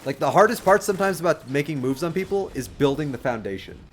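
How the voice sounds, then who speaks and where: Young adult male streamer with a slightly high voice, rambling, friendly, chuckling while he gives advice. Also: animated, fast, slight background noise. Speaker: livestream gamer giving dating advice to chat. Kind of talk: casual livestream commentary.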